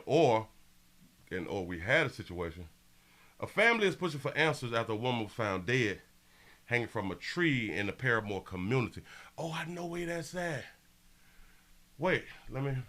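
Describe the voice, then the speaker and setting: A man's voice: mid-range voice, sharp tone. A man hosting a live show, giving loose, casual commentary on the news and talking straight to his viewers. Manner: loose, talks to viewers as "y'all", thinks aloud. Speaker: show host.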